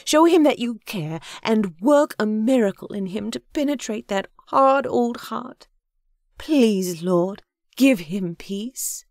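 A woman voicing an earnest, caring woman who prays slowly and pleadingly, as an audiobook character. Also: on the high side, lively intonation, dry recording, clean studio sound, pitched above the performer's own voice. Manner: slow, pleading prayer.

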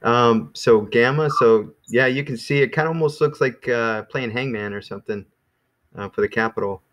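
A man teaching an online language class in a relaxed, rambling way with many fillers, speaking over a video call. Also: mid-range voice, a little fast. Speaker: Greek teacher.

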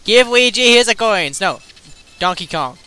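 A young man giving loud, teasing commentary while playing a party video game, breaking into sudden shouts. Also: sits high, expressive, unhurried, rough recording. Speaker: let's play commentator. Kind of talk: excited gameplay commentary.

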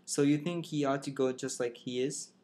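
A stern middle-aged Southern sheriff who questions with quiet condescension, read by a man. The voice sits at a mid pitch and stays near the reader's everyday tone, as in a plain storybook reading. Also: fairly even intonation, moderate pace, close to an everyday voice. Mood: needling.

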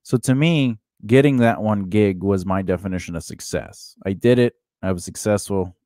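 A man co-hosts a podcast in loose comedic chat, rambling with plenty of fillers and restarts. His voice sits fairly low. The sound is dry and close. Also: normal speed, warm tone, no room sound. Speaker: podcast co-host.

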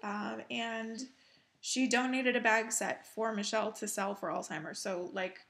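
A woman hosting a cross-stitch video, chatting casually while she shows off her crafts, chatty and self-deprecating, with soft laughs. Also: mid-range voice, steady tone, a little slow, creaky. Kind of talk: casual show-and-tell chat.

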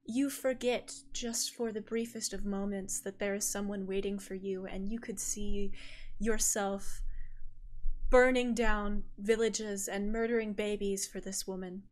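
A woman's voice: medium pitch, steady tone, measured pace. A woman narrating as game master of a tabletop game, describing scenes playfully with casual fillers.

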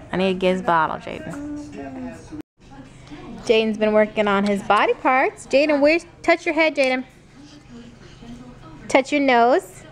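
A young woman vlogging casually, chatting and playing with her toddler in a sing-song way. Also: sits high. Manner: chatty, playful baby talk with her toddler. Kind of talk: casual family vlog.

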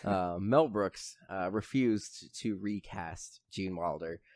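A man's voice: deep voice, takes it slowly, darkish tone, dry recording, clean studio sound. A man co-hosting a podcast, rambling casually and retelling film scenes with lots of fillers. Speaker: podcast co-host. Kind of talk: casual film review chat.

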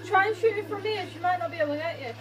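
A woman playing a co-op shooter with a friend, giving directions and shouting excitedly as she plays. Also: extremely high pitch, very fast, a crowd in the background, rough recording. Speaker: gamer. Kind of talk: co-op gameplay banter.

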